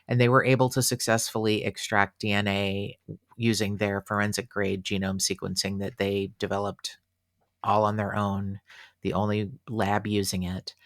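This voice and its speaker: Chatty low-voiced man hosting a podcast. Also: moderate pace, no echo, studio quality. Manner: chatty and animated, with fillers and exclamations. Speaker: podcast host. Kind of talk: casual true-crime podcast chat.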